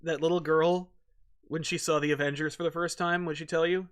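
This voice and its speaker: Excitable man rambling on a comics podcast. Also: fairly high pitch, brisk, smooth. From United States. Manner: excited, rambling, swears freely, many restarts. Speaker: co-host of a comic review show. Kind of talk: casual chat.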